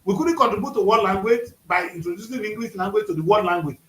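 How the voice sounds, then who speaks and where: A man's voice: high voice, quick pace, pushed and bright, echoey room, slight background noise, poor audio. A man with a Nigerian accent co-hosting a casual panel chat, talking emphatically and rising to outbursts. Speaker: co-host.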